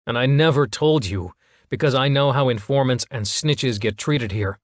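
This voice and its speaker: A man's voice: medium pitch, normal speed, dry recording, studio quality, voice pushed up, close to an everyday voice. A man reading an audiobook, voicing a bitter, sarcastic young psychic who speaks in a biting way.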